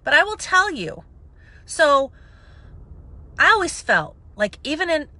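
A woman in her thirties telling her story to camera in a chatty, self-mocking way, swinging between hushed asides and loud outbursts. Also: high-pitched, very animated, a little slow, dry recording. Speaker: vlogger, makeup seller.

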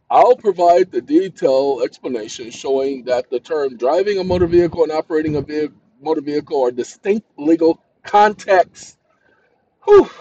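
High-voiced ranting man, lo-fi sound. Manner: reads text aloud, then shouts insults at an AI assistant. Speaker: channel host. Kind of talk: ranting commentary on legal terms.

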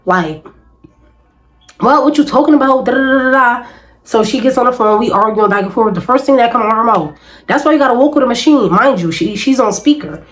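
A woman's voice: a little high, lively intonation, fairly quick, faint music behind, low-quality recording. A woman vlogger, venting emphatically and repetitively in casual talk to camera.

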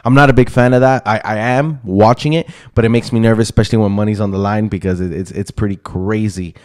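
A man's voice: fairly low pitch, steady tone, quick pace, darkish tone. Chatty opinionated man breaking down fights. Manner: opinionated, chatty, with frequent ums and asides. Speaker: MMA YouTuber.

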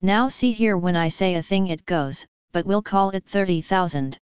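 A woman reading the lines of a boastful, pushy male con man who runs a company, in her own low, very smooth voice. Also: normal speed, darkish tone, no room sound, lightly acted. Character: brash fast-talking male con-man company president. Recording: dry, slightly dull lo-fi.

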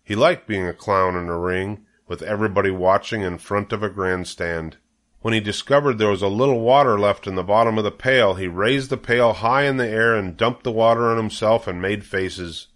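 An older man reading a children's novel aloud in a steady, gentle read-aloud manner. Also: fairly low pitch. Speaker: storybook reader.

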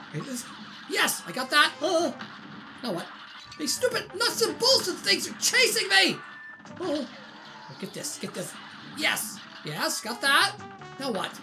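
A woman hosting a gaming channel, giving excitable, exclaiming let's-play commentary as she plays. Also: high voice. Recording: game music under voice.

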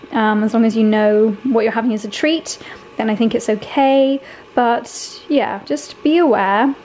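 A young British woman with a slightly high voice chats in a bubbly, giggly way while she makes a drink in her kitchen. She talks to her viewers casually and throws in playful made-up words. The kitchen gives her voice a roomy echo, with a faint hum in the background. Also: mellow. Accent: British English. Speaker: lifestyle vlogger. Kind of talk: casual kitchen vlog chat. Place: home kitchen.

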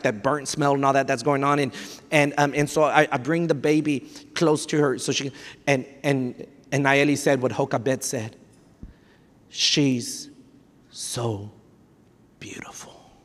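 Man pastor preaching, kinda high voice, lots of stammers and restarts, spanish bits thrown in, long church reverb. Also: fairly bright tone. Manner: emotional storytelling with many restarts and stammers; mixes in Spanish phrases. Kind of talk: sermon. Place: church hall. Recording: live sermon with long hall reverb.

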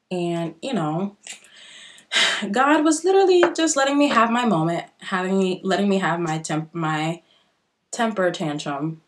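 A young woman in casual get-ready-with-me vlog chat, chatty and expressive, often talking straight to her viewers. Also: fairly low pitch. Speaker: beauty vlogger.

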